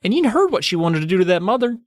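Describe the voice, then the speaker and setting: A man co-hosting a podcast, casually recapping a book, animated and swearing as he acts out scenes. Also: high-pitched, quick pace, no echo, studio quality. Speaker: podcast co-host.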